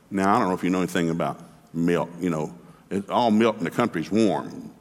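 A man's voice: deep voice, expressive, a little fast, pauses often. A man preaching a sermon in a folksy, humorous, emphatic way, acting out the dialogue of his stories. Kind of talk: lively sermon with storytelling. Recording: long hall reverb.

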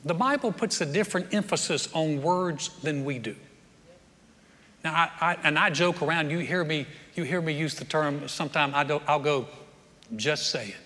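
A pastor with a bright, forceful voice on the high side preaches a sermon at normal speed. His delivery is folksy, joking, and conversational, and now and then he acts out what people say. The sound echoes through a reverberant hall.

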